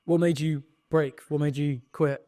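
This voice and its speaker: A man's voice: on the high side, fairly even intonation, normal speed, dark tone, dry recording, clean studio sound. A man hosting a podcast, asking short questions to prompt his guest. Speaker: podcast host. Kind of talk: casual interview.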